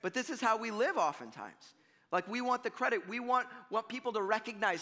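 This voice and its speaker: A pastor delivers his sermon in a loose, conversational way, animated as he acts out the voices of the people he describes. His voice sits high and bright. The sound carries the long reverb of a church hall. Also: brisk. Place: church sanctuary.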